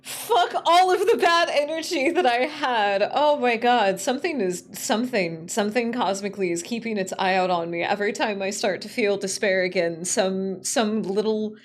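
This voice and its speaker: A woman streaming live as a VTuber, chatting casually, excitable and giggly, swearing freely. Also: mid-range voice, moderate pace, hardly any pauses.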